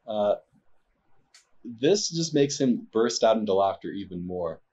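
A man's voice: lowish voice, expressive, unhurried, darkish tone, breathy edge. A man narrating as game master of a tabletop game, hesitant and full of fillers.

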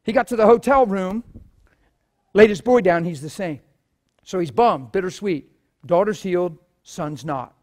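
Animated high-pitched man preaching. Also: a little slow. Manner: animated storytelling, swinging from low murmurs to shouting. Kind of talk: sermon with testimonies.

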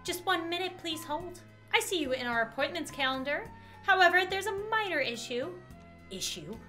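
A woman's voice: very high voice, very animated, normal speed, soft background music, voice pushed up, exaggerated voice. A woman voicing a polite, apologetic spa receptionist in a game she reads aloud. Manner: soft, courteous, apologetic. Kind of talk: game dialogue read aloud.

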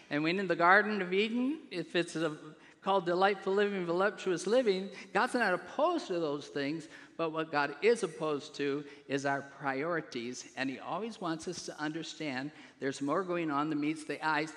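A male pastor preaching a sermon, putting questions to the congregation and swelling louder on key phrases. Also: fairly high pitch. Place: church sanctuary. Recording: long hall reverb.

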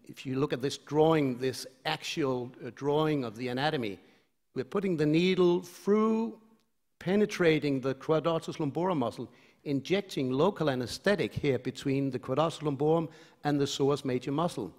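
A man's voice: a little high, moderate pace, darkish tone. Hesitant man lecturing in a hall. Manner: conversational, with frequent hesitations and restarts. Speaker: lecturer at a medical conference. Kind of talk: conference lecture. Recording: long reverb of a lecture hall.

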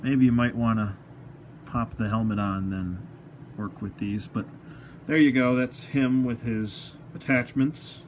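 Guy rambling thru a toy unboxing at home, cracks jokes at himself, talks to the figure, mid pitch, bit of hum in the room. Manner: rambling, self-mocking, talks to the toys. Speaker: toy collector reviewer. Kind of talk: casual unboxing review.

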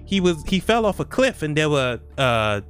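A man doing a halting, pleading game villager. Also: a little high, sing-song, fairly bright tone, faint music behind, voice pushed up. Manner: halting, stumbling. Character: frantic game villager seeking lost friend.

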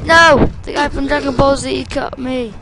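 A woman's voice: sits high, steady tone, measured pace, over music. A woman giving loose gameplay commentary, mocking the characters with frequent laughter and sudden outbursts. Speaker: let's play gamer.

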